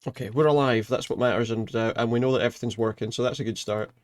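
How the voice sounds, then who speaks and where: A man chatting in a relaxed, rambling way as he streams a video game. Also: mid-range voice, fast talker, no echo, studio quality. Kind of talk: casual let's play commentary.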